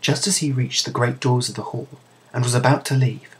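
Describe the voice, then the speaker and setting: A British-accented man tells a comic tale in a soothing, mock-grand deadpan. His voice is husky and rough-edged, with a steady, measured delivery. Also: mid-range voice, poor audio. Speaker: storyteller. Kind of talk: comedic story narration.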